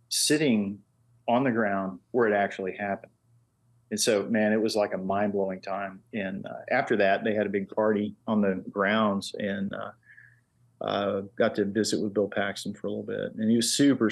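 Casting: middle-aged man, husky lowish voice, rambling anecdotal guest. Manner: relaxed anecdotes with many fillers. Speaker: guest, engraver. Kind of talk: casual chat, storytelling.

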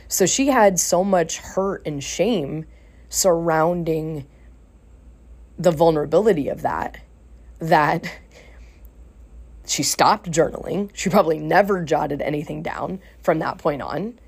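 A woman's voice: deep voice, takes it slowly, gravelly, long pauses, a little mellow, breathy edge. A woman life coach and podcast host telling a client story in a casual, earnest way. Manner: earnest, retells conversations with acted quotes.

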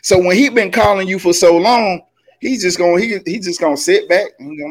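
A man's voice: high voice, fairly quick. A man co-hosting a faith podcast, sermonizing in a casual, folksy way with slang. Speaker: podcast co-host. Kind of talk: faith-based podcast talk.

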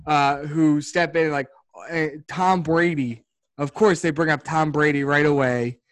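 A man co-hosting a casual sports podcast, talking in an animated, rambling way and laughing often. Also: fairly high pitch, measured pace, no room sound. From Philadelphia area. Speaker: podcast co-host.

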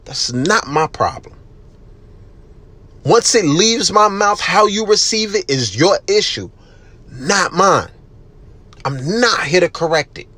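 A man's voice: fairly high pitch, no echo. Blunt, profane man ranting on a podcast. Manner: loud at times. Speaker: podcast host. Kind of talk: casual solo podcast monologue.

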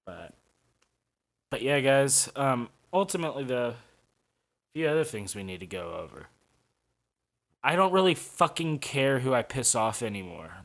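Ranting, crude St. podcaster. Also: male voice, mid-range voice, fairly bright tone. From St. Louis, USA. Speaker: podcast host. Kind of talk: profane podcast monologue.

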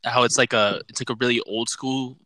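A man in casual podcast chat, enthusiastic and quick to laugh. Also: mid-range voice, steady tone, pushed and bright, dry recording.

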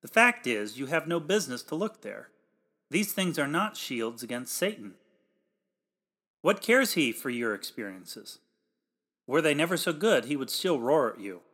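A man's voice: medium pitch, sing-song, measured pace, long pauses, breathy edge. Emphatic formal male preacher. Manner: emphatic, swells louder on exhortations; old-fashioned formal pulpit diction. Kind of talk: read sermon.

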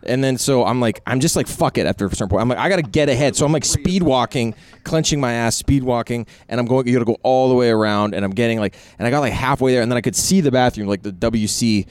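Fast-talking rambling man telling a story. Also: medium pitch, a little mellow, smooth. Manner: rambling, heavy on fillers and swearing. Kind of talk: casual storytelling chat.

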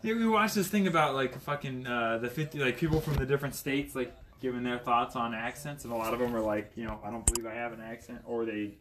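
A man's voice: mid-range voice, fast, few pauses, noisy background. A man in casual podcast chat, swearing freely and rambling with frequent laughs. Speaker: skydiver and podcast guest.

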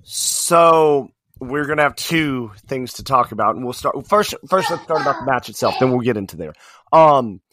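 A man co-hosting a podcast, talking in a casual, animated way with many fillers and restarts. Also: mid-range voice, normal speed, no room sound. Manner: animated, rambling wrestling fan talk with fillers. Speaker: podcast co-host. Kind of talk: casual chat.

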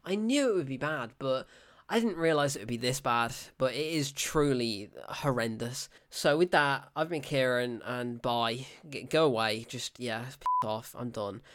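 A man's voice: mid-range voice, unhurried, fairly bright tone. A man hosting his own film review show, ranting in an exasperated, sarcastic way, with heavy sighs, exclamations and bitten-off swearing.

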